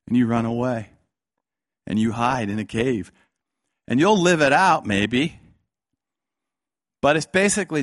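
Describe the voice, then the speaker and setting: A man preaching a fiery sermon, swinging between loud outbursts and hushed lines and acting out the voices he quotes. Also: mid-range voice, unhurried, pauses often, no room sound, clean studio sound.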